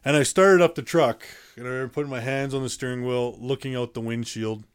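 A man's voice: mid-range voice, fast talker, smooth. A man being interviewed, recounting events in a plainspoken, matter-of-fact way with many fillers and restarts. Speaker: interview guest. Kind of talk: casual storytelling in conversation.

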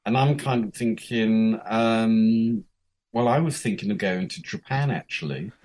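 A man's voice: lowish voice, unhurried, darkish tone. A man in his fifties from England, a guest telling candid stories about his life, frank and profane, acting out the quotes of the people in them. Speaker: interview guest. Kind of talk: candid storytelling.

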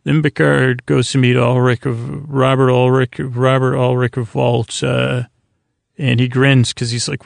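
Gravelly, flat-voiced man recapping casually. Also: mid-range voice, dry recording, clean studio sound. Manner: rambling, halting, heavy on fillers. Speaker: podcast host.

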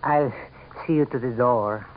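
A man's voice: mid-range voice, measured pace, a little hiss or hum, lightly acted. An actor playing a rich male lover who speaks in a fawning, devoted way in a 1970s radio drama. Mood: adoring. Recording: thin, tinny old radio broadcast.

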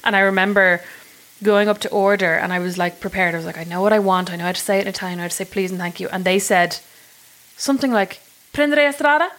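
A woman co-hosting a podcast, telling self-mocking stories in a quick, casual chat. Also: medium pitch, fairly bright tone, low-quality recording. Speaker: podcast co-host.

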